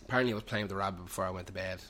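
Speaking fast in a low, slightly bright voice, this young podcast host tells a swear-laden, meandering funny story from a pub. He has an Irish accent full of Dublin slang, and there's a touch of background noise.

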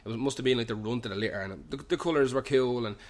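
A man's voice: mid-range voice, racing. A young man with a Dublin-tinged Irish accent, hosting a show from a pub and telling a rambling comic anecdote full of swearing. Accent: Irish, Dublin slang. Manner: heavy swearing, loose run-on storytelling. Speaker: podcast host.

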